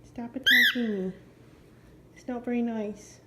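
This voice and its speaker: Woman at home fussing at her pet bird, slow teasing baby talk, lots of loud noise behind. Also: on the high side.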